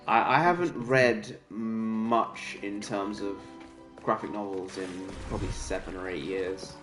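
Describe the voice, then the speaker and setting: A man's voice: on the low side, unhurried. Tired, rambling man streaming. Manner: rambling, self-deprecating, tired. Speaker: gaming livestreamer. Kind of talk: casual stream chat. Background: game music.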